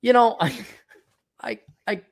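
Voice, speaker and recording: A man in loose, unscripted conversation, cursing freely and speaking his mind without softening it. His voice sits a little on the high side, and he drops into exaggerated impressions of other people while he rambles on. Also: slow. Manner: blunt, profane, rambling with animated mock voices. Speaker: podcast co-host. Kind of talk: casual chat.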